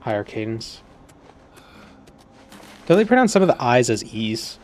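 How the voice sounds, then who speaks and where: A man's voice: mid-range voice, big pitch swings, measured pace, a little hiss or hum. A man casually chatting and musing while streaming a game, often trailing off mid-sentence. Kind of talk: casual gaming stream chat.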